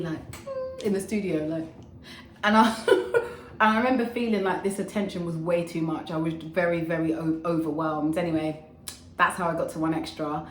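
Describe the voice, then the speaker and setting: Woman, 30s, radio DJ, chatty vlog storytelling, casual swearing, low voice, echoey room. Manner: chatty and animated, casual swearing, quick asides.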